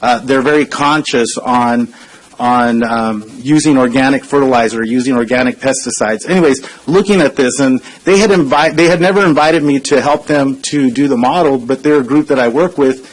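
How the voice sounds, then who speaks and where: A man in his forties speaks at a council podium in an average-pitched voice. He talks in an earnest, conversational way, pausing on fillers as he tells a personal story. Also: low-quality recording. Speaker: consultant speaking at public comment. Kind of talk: public comment speech, personal storytelling.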